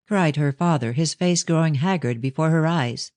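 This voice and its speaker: A man reading a mystery novel aloud as an audiobook narrator, in a steady storytelling manner. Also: a little high, normal speed, hardly any pauses, no room sound, clean studio sound.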